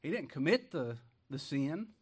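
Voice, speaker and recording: A man's voice: fairly high pitch, sing-song, measured pace, slightly rough. A man preaching a sermon, reading scripture aloud and commenting in a folksy way that rises into emphatic bursts. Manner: folksy, rising to emphatic bursts, chuckles often.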